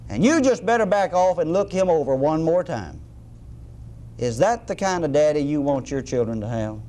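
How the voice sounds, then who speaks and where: A middle-aged man preaching a sermon, folksy and animated, with humorous asides. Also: fairly high pitch.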